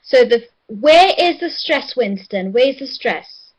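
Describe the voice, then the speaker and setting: A woman teaching an English pronunciation lesson, encouraging and repeating words slowly for the class. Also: fairly high pitch, animated, breathy edge, poor audio.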